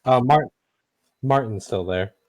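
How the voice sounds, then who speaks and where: A man running a tabletop game as game master, talking with many pauses and fillers. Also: medium pitch.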